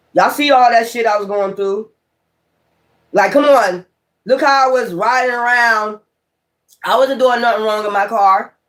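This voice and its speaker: A man's voice: high-pitched, a bit bright. A man, a tarot reader, talking in a rambling, profane and emphatic way in a casual spiritual vlog monologue.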